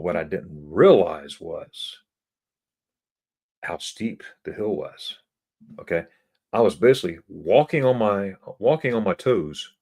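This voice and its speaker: A middle-aged man telling a travel story in a casual live stream, animated, often repeating words and jumping into a high excited voice to act out what he said. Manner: animated, repeats words, acts out his own past remarks in a high excited voice.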